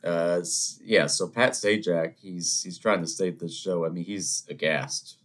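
Deep-voiced man ranting. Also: measured pace. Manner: animated storytelling, rambling asides, mock voices. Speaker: podcast host. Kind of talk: solo ranting monologue.

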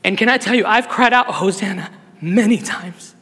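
A man preaching in a sanctuary, his voice high and ringing bright, with a long reverb trailing off the walls. He moves from hushed, heartfelt stretches to loud, shouted appeals. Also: moderate pace, creaky. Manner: emotional, swings from soft to shouted. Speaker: pastor. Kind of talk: sermon. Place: church sanctuary.

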